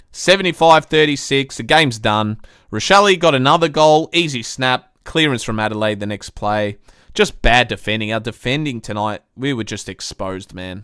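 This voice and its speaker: A man's voice: medium pitch, a bit bright, clear, resonant tone, dry recording, clean studio sound. A young man hosting a live-stream football review, venting frustration with swearing as he recaps the game like a fed-up fan. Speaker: sports review host.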